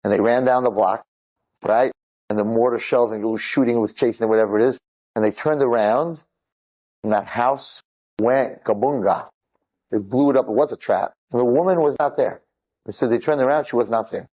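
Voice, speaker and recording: A man's voice: medium pitch, a little fast, low-quality recording. A man retelling dramatic stories to an audience, acting out the dialogue and breaking off into asides. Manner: animated, acts out quoted dialogue, frequent asides.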